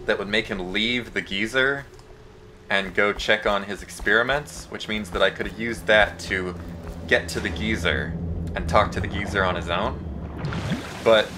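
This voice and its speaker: A man's voice: fairly low pitch, noisy background. A young man narrating his gameplay, joking and self-mocking with rambling asides. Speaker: let's play host. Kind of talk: gameplay commentary.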